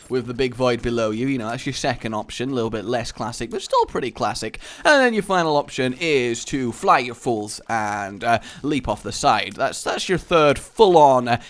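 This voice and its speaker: A man hosting a gaming video, rambling through jokey, casual commentary while he plays and swearing freely. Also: mid-range voice.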